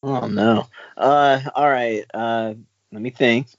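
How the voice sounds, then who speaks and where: A man on a casual podcast answering trivia, joking, swearing and thinking out loud. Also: mid-range voice, steady tone, slow, no room sound. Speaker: podcast co-host and quiz contestant. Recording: dry, dull lo-fi sound.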